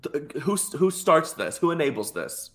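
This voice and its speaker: A man's voice: fairly high pitch, big pitch swings, normal speed. A man co-hosting a podcast, chatting casually and gushing with enthusiasm while reviewing a show. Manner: gushing and enthusiastic, with many fillers and restarts. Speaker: podcast co-host.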